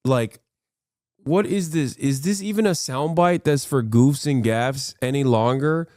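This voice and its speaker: A man's voice: mid-range voice, a little slow, darkish tone, dry recording, clean studio sound. A man in his thirties reacting to clips on a livestream, ranting in exasperated disbelief and swearing freely. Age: 30s. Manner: exasperated, profane, incredulous rants. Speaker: streamer.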